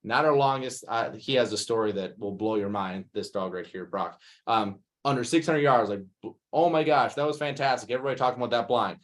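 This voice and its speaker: Animated dog trainer, man. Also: mid-range voice. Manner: animated, acts out scenes in quick bursts. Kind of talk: masterclass Q&A answer.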